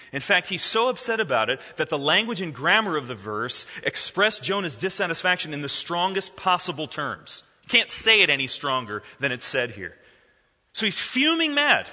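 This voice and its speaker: Animated male preacher in a reverberant hall. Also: sits high. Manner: animated preaching, reads scripture slowly. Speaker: pastor. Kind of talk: sermon.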